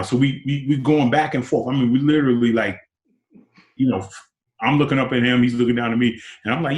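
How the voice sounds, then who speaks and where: A man in his sixties, a former basketball player, telling stories as an interview guest and acting out quotes with big jumps in pitch. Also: fairly even intonation, brisk. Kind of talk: animated storytelling. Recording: roomy echo.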